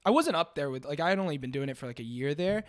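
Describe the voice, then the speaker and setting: A man's voice: fairly high pitch, expressive, rapid-fire. A young man from Virginia, a comedian guest in loose podcast chat, peppering his talk with "like" and "dude".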